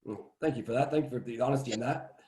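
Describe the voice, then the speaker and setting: A man's voice: mid-range voice, rapid-fire, warm tone, echoey room, low-quality recording. A man interviewing a guest, asking questions politely and thanking him often.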